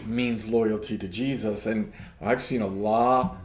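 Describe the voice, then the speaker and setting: A man's voice: lowish voice, fairly even intonation, takes it slowly, reverberant. A man, a pastor co-hosting a casual ministry podcast, talking reflectively and checking in with "right?". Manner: reflective, adds "right?" often. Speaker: pastor, co-host.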